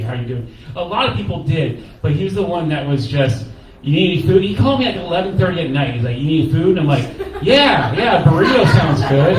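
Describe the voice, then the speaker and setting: A man, a stand-up comedian, speaking at a memorial with a halting, stammering delivery, close to tears, on stage in a crowded cafe. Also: medium pitch, distant mic, slight background noise. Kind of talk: emotional memorial tribute. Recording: echoey room, taped from afar.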